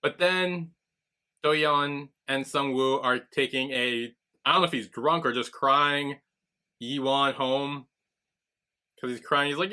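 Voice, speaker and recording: His voice is clean in tone, medium in pitch and slow in delivery. He's a podcast co-host casually summarizing episodes, animatedly quoting and performing the characters' lines along the way.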